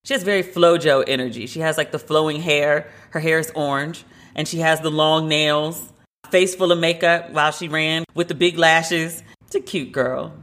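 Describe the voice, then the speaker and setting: A woman's voice: deep voice, steady tone, normal speed, fairly bright tone. A woman hosting a casual solo podcast from her home loft, chatty and gushing, with a lot of filler "like". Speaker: podcast host.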